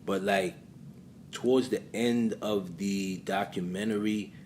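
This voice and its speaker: Deep-voiced man in casual commentary. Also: fairly even intonation, slow, darkish tone, a little hiss or hum. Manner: loose, full of fillers. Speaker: channel host.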